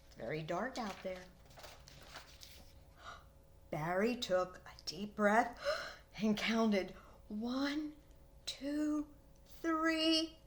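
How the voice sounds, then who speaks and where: A preschool teacher reads a picture book to small children in a high, lively voice. She takes her time, letting each line land slowly, and turns now and then to ask the little ones a question. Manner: expressive, slow storytelling with questions to children. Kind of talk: reading a picture book aloud to young children.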